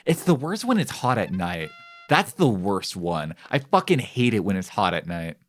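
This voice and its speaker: A man's voice: fairly low pitch, very animated, moderate pace. A male streamer giving casual, joking commentary while playing a game, rambling and reading game text aloud. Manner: repeats phrases in shifting voices.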